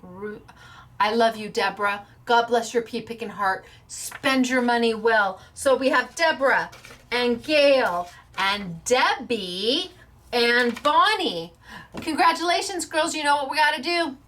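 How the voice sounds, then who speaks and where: A woman's voice: on the high side, animated, a little slow, fairly bright tone. A woman hosting a craft show in casual chat, bubbly and playful as she announces giveaway winners. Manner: bubbly, playful, stumbles over names with laughs.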